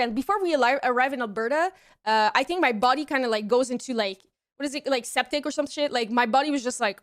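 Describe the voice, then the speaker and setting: A young woman streamer telling a story to her chat in a casual, animated way, swearing often and restarting her sentences. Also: sits high. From Canada.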